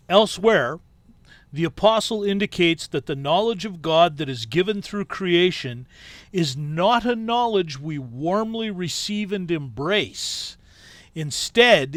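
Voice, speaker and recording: Man reading a book aloud, high voice, unhurried, dry close sound, casual asides. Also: a bit bright, no echo. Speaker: podcast host.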